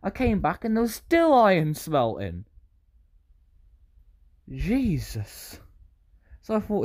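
A man's voice: high-pitched, huge pitch swings, takes it slowly, pauses often. British guy rambling thru minecraft, voice bouncing all over, keeps cutting himself off. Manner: rambling, self-interrupting, exclamatory asides. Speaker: gaming YouTuber. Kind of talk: Minecraft gameplay commentary.

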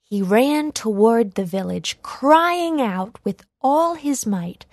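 A woman narrating a children's read-along storybook in a clear, expressive way, recorded on a close mic. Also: a little high, slow, few pauses, no room sound.

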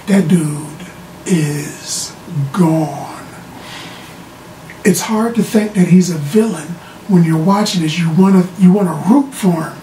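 Casual show recap, rambly and animated, repeats words, echoey room, low hiss behind. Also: slow pace. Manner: animated storytelling, repeats words when restarting. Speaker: TV show reviewer. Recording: roomy sound from a distant mic with faint background noise.

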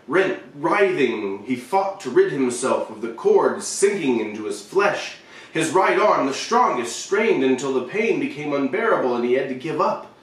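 A man reading a short story aloud, expressive, with shifting emphasis and the occasional slip. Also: medium pitch, distant mic. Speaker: reader. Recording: very echoey room, voice away from the mic.

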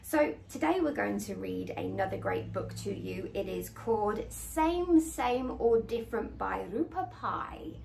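Woman reading a kids story, slow, gravelly, voice jumps around a lot, echoey room. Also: medium pitch, expressive, a little mellow, a little hiss or hum. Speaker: podcast co-host, story reader. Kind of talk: reading a children's story aloud.

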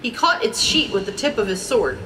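Woman reading a storybook aloud, expressive. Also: fairly high pitch, normal speed. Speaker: storybook reader. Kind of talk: children's storybook read-aloud. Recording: distant mic with background noise.

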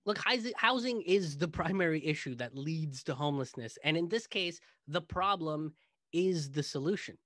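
Guy doing a sarcastic comedy rant, bit high voice, dry close sound. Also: animated, moderate pace, fairly bright tone, dry recording. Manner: sarcastic, mocking. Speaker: comedian host. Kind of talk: comedic monologue.

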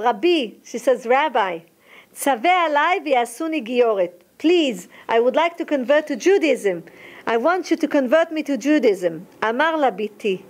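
High-voiced woman teaching a Talmud story. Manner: alternates rapid Hebrew reading with slower English retelling, frequent restarts. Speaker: Torah teacher. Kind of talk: Talmud lesson, reading and translating aloud.

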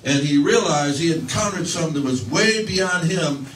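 A man's voice: a little high, lively intonation, moderate pace, fairly bright tone, roomy sound, far from the mic, slight background noise, low-quality recording. A man preaching a sermon, telling a story in a conversational way with restarts and fillers, acting out quoted voices. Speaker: pastor.

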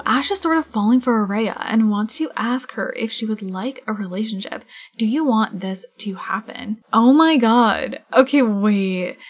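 A young woman casually commenting on her life-sim game, chatty and gushing, full of "like" and "oh my god". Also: on the high side. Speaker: gaming channel host. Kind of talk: casual let's play commentary.

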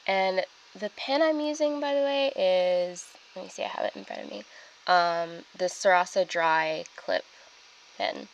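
A woman's voice: lowish voice, measured pace, creaky, muffled recording, slight background noise. A young woman chatting casually through her weekly planner spread, with lots of ums and likes. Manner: chatty, filler-heavy, with many ums and likes. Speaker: planner vlogger. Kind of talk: casual plan-with-me narration.

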